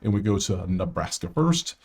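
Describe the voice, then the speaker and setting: Casual betting host, man, low voice, rambles through picks with fillers, talks to himself. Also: sing-song, normal speed, breathy edge. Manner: thinks aloud, many fillers and restarts. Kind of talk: casual solo commentary.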